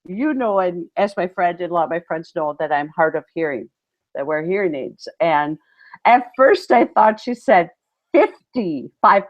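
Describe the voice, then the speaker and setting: A woman's voice: fairly low pitch, animated, normal speed. A woman co-hosting a casual chat, telling a story animatedly and acting out quotes with big exclamations. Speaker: podcast co-host, PE teacher. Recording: muffled lo-fi audio.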